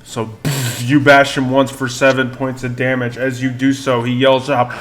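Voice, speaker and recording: A man acting as game master on a live stream, narrating turns and damage in a relaxed, chuckling way. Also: medium pitch, moderate pace, soft background music. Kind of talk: running a tabletop game.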